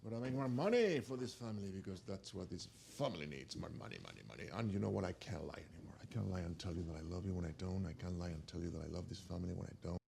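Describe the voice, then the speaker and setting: A man's voice: deep voice, expressive, rapid-fire, gravelly, few pauses, darkish tone, a little hiss or hum, exaggerated voice. An actor playing a cold, domineering middle-aged father with a blunt, cutting delivery. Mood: resentful.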